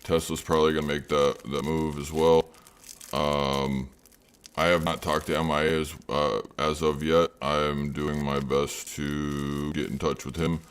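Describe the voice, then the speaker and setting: The voice is very deep and smooth, with little pitch movement and a measured pace. It belongs to a livestream trading host who chats casually, rambles with many fillers, and talks to chat by name.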